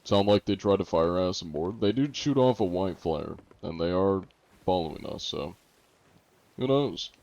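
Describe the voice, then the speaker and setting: A man's voice: sits low, animated, moderate pace, a little mellow, muffled recording. A man streaming a game and chatting casually with viewers, laid-back and sarcastic. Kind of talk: casual gameplay chat with viewers.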